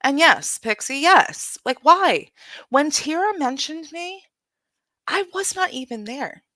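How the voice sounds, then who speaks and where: Casual: woman streamer venting, cussing a lot, bright edgy voice, no room echo. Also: sits high, expressive, measured pace, studio quality. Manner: profane, blunt, venting. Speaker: livestream host. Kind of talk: heated livestream rant.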